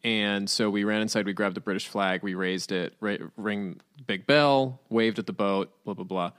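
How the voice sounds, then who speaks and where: A man's voice: on the low side, fairly even intonation, moderate pace, fairly bright tone, clean tone. A man who is a podcast guest, telling a story in casual chat with lots of fillers and easy laughter. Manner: rambling, filler-heavy, laughs easily.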